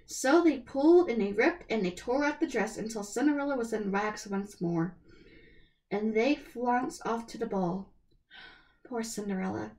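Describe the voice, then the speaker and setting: A woman's voice: on the high side, measured pace, darkish tone. A young woman with a nasal voice reading a storybook aloud, now and then stumbling and correcting herself. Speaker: storybook reader.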